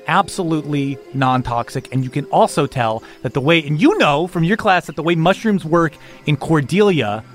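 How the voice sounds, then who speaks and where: A man narrating a tabletop role-playing game as game master, building scenes in a deadpan way, with frequent fillers. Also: a little high.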